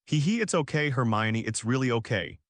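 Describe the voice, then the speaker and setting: Eager, polite boy wizard, bright and clever, in a storybook, read by a man. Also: medium pitch, animated, a little fast, no echo, natural voice.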